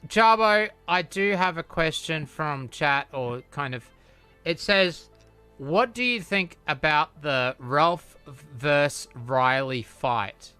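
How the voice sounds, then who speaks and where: A man's voice: fairly high pitch, lively intonation, takes it slowly, bright, forceful tone, smooth, soft background music. A man from New Zealand with a New Zealand accent, hosting a casual live-stream chat, joking and teasing, often laughing. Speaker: stream host.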